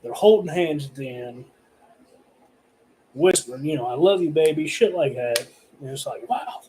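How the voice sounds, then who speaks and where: A man's voice: mid-range voice, expressive, a little slow, dark tone, slight background noise, rough recording. A man ranting casually to camera about horror movies, swearing often and rambling with lots of fillers. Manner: heavily profane, rambling, filler-laden. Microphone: camera recording himself.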